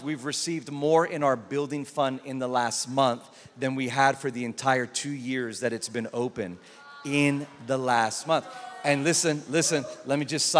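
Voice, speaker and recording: Animated pastor in a big echoing hall. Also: male voice, mid-range voice, slight background noise. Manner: animated storytelling, emphatic repetition. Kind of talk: sermon. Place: large church auditorium. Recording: long reverb of a large church hall.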